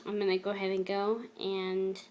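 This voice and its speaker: A woman vlogger talking earnestly and emotionally to camera in a personal confessional video, at times halting. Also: medium pitch, completely flat delivery, a little mellow, lo-fi sound, a little hiss or hum. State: emotional, close to tears.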